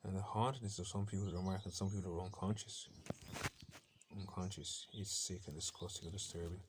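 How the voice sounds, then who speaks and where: An intense Irish man rambles through a defiant personal monologue at a fast clip. His voice sits low and stays flat, with little rise or fall. Faint bird sounds play on a laptop behind him. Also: noisy background.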